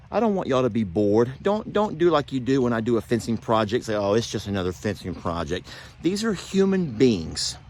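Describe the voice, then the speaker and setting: Slow heartfelt man. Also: medium pitch. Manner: slow, heartfelt, folksy talk. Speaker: channel host. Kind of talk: emotional outdoor vlog. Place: outdoors in wooded cemetery.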